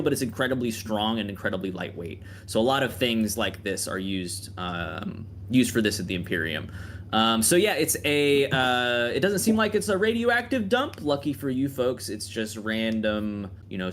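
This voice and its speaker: A man narrating as game master in a tabletop game, relaxed and full of filler ums. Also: mid-range voice, slight background noise.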